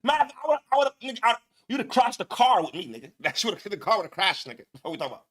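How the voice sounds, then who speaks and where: Male host, very high bright voice, laughing and swearing through reaction commentary. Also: sing-song, rapid-fire. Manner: laughing, profane, emphatic repetition. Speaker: show host.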